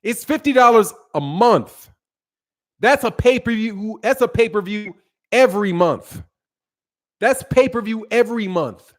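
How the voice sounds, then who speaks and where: A man with a fairly high speaking voice hosts a boxing live stream. He talks in emphatic, repetitive bursts, stressing each point twice over between viewer chat messages. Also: expressive, unhurried. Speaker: boxing channel host. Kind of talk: live-stream commentary reading viewer chats.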